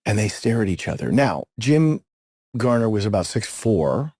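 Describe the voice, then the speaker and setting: A man's voice: fairly low pitch, sing-song, normal speed, warm tone, no room sound, studio quality. A middle-aged man co-hosting a podcast, chatting casually and telling rambling, jokey stories with repeated words. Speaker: podcast co-host.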